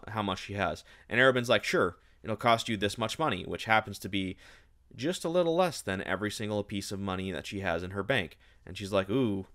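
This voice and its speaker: A young man with a fairly low voice rants through a casual book review, sarcastic and openly exasperated. He mocks the story as he retells it, jumping between plain recap and mocking asides. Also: a bit bright.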